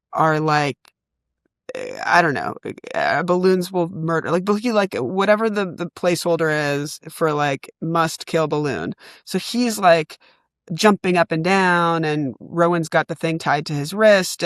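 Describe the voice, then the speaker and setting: A woman co-hosting a comedy podcast, telling a story in animated, casual chat and laughing often. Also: lowish voice, no echo, studio quality. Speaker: podcast co-host.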